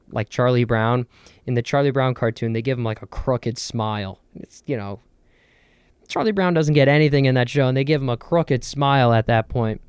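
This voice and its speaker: A man's voice: medium pitch, a little mellow, clean tone, dry recording. A young man from New Jersey hosting a solo podcast, rambling in a jokey, self-deprecating way. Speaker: podcast host. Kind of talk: casual solo podcast chat.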